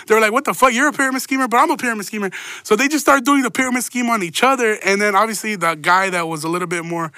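A man's voice: sits high, sharp tone, no echo. A man telling a rambling, profane story in a casual monologue, with laughing asides.

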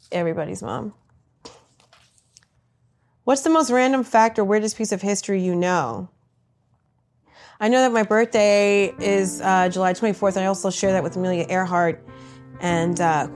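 Woman comedian, mid pitch, crude self-mocking jokes, quick-fire interview answers. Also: darkish tone. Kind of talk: comic answers to rapid-fire questions.

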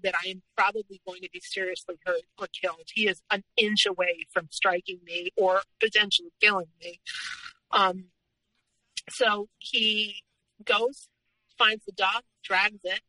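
A woman, a podcast guest, recounting a personal story in an earnest, halting way, pausing often on "um". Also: medium pitch, bright, forceful tone, no room sound, rough recording.

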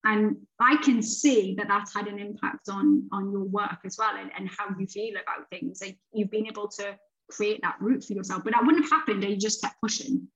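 Animated woman, slightly lo-fi. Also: mid-range voice, moderate pace. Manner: animated, swearing, talks in quoted self-talk. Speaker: author and guest. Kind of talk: casual podcast chat. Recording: slightly dull, lo-fi sound.

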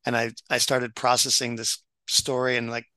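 A man's voice: mid-range voice, completely flat delivery, normal speed, pushed and bright, smooth, no room sound, rough recording. A middle-aged man, a doctor and writer, talking casually with many restarts and fillers. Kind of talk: casual podcast conversation.

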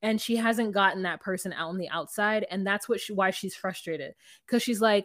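A woman's voice: medium pitch, normal speed, fairly bright tone, no echo, studio quality. A woman co-hosting a podcast, recapping reality TV in casual chat and acting out quotes with animation. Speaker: podcast co-host.

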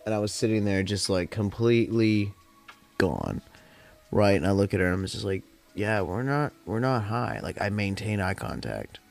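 Gravelly, low-voiced young man rambling. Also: expressive, moderate pace, darkish tone. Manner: rambling, profane, chatty. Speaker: podcast host. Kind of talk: casual storytelling. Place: at home during a smoke session. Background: faint lo-fi jazz hop music.

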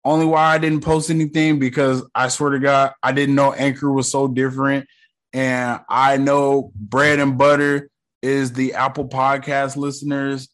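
A man's voice: medium pitch, a bit bright. A man from the United States hosting a casual solo podcast, rambling in a laid-back, slangy way with lots of fillers. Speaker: podcast host.

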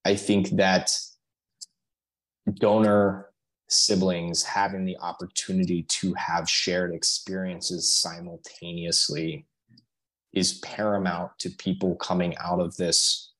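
A man speaking as a podcast guest in casual conversation, earnest and halting, with many fillers and restarts. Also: sits low, a bit bright, rough recording.

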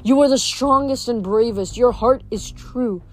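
A woman voicing an ancient, fading male nature god, speaking softly and sorrowfully. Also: on the high side. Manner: soft, slow, sorrowful delivery.

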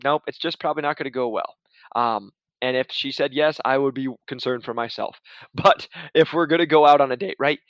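A man's voice: mid-range voice, brisk, fairly bright tone, no room sound. A man giving casual career advice in a chatty, laid-back way, full of restarts and asides. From Arizona.

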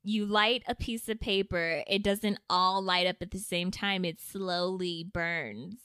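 A woman co-hosting a casual podcast with her sisters, her voice bright and smooth. She playfully makes up definitions with total confidence. The sound is dry, with no room around it. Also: lowish voice, a little slow, no echo. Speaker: podcast co-host. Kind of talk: casual chat among sisters.

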